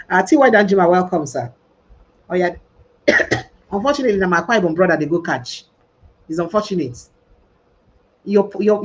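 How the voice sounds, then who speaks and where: Lively Nigerian woman podcast host. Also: lowish voice, slight background noise. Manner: mixes Pidgin and English, animated and emphatic. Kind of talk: casual livestream discussion.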